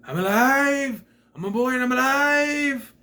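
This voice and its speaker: A man mimicking a newly alive wooden puppet boy with a shrill, squealing, overexcited voice. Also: sharp tone, a little hiss or hum, exaggerated voice. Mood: ecstatic. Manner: squealing, drawn-out mockery.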